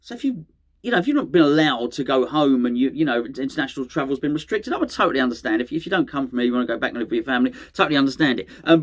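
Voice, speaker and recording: A middle-aged man, hosting a fan channel in rambling, chatty solo talk that often corrects itself mid-sentence. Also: mid-range voice. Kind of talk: casual solo fan chat to camera.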